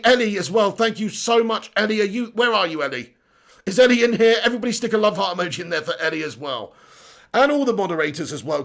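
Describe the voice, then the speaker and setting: A man with a high, gravelly voice hosts a live stream, chatting excitedly as he reads out viewer messages. He laughs and banters throughout, with some mild swearing.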